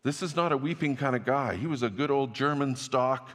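Pastor guy preaching, chatty storyteller, mid-pitched, big echoey church hall. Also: a little fast, a bit bright. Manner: conversational storytelling with restarts. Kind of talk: sermon. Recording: long church-hall reverb.

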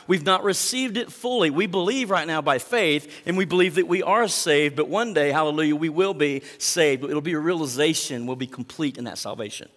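A pastor giving a sermon, reading verses and explaining them with emphatic rises and asides to the congregation. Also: male voice, on the high side, brisk, few pauses, a bit bright, in a large hall.

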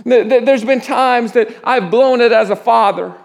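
A man preaching a sermon in a church, often restarting his words and dropping to a hush at the solemn parts. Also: extremely high pitch, creaky. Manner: halting restarts, drops to a hush at solemn moments. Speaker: pastor.

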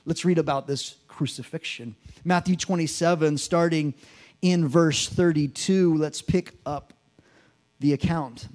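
A man's voice: fairly high pitch, unhurried, a little mellow. A man preaching a sermon, reading scripture aloud and acting out the mocking voices with drama. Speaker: pastor.

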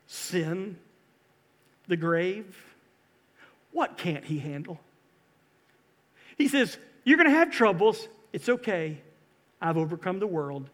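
Male pastor, high voice, fervent sermon delivery, hall reverb. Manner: impassioned, rising to loud exhortation and dropping to hushed pleas.

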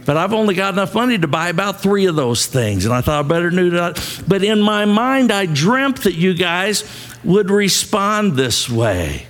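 A man's voice: sits high, big pitch swings, normal speed, fairly bright tone, in a large hall. A male pastor preaching a sermon, asking the congregation to repeat lines after him.

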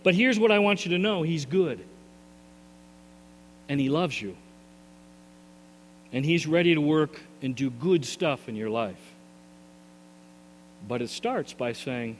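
High-voiced preacher in an echoing hall. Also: male voice, lively intonation, slow, long pauses. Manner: earnest, repeats words, rising and falling intensity. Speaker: pastor. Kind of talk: sermon. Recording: long reverb in a hall, faint mains hum.

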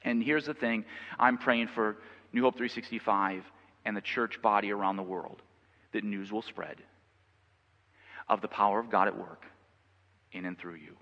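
A man preaching a sermon as pastor, conversational and repeating himself, rising to loud passionate stretches. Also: lowish voice, steady tone, normal speed, pauses often. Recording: long reverb, dull lo-fi sound.

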